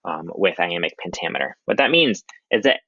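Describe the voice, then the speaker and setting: A young adult man, a high school English teacher, giving a casual recorded slideshow lecture with many ums. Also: expressive, brisk, bright, forceful tone, slightly rough, dry recording. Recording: dry, dull lo-fi audio.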